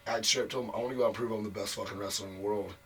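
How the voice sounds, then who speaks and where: A man's voice: fairly low pitch, steady tone, racing, recorded from a distance. A man telling a long career story as an interview guest, frank and profane, packing his talk with "like" fillers. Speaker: wrestler guest. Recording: voice a bit off mic, faint noise.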